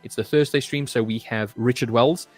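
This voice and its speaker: A man's voice: medium pitch, normal speed, soft background music. A young man hosting a live trading stream, chatting casually and reading viewer comments aloud. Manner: reads viewer comments aloud and chats loosely, saying "mate" often.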